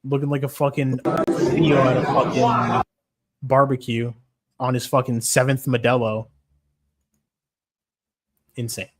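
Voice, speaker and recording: A man's voice: medium pitch, flat delivery, normal speed, slight background noise. A man on a casual livestream, talking about fights in a blunt, rambling, profane way. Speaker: streamer.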